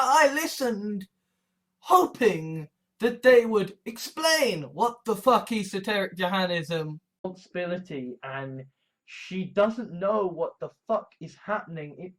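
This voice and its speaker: A woman's voice: lowish voice, lively intonation, measured pace, low-quality recording. A woman giving a rambling, profane video monologue, agitated and often breaking off mid-sentence. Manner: profane, agitated, self-interrupting. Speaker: vlogger.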